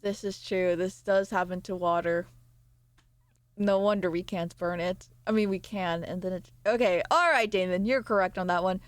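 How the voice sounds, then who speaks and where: A woman's voice: fairly low pitch, fairly even intonation, moderate pace, dry recording. A woman streamer chatting casually with her live chat, swearing and laughing as she reacts to messages.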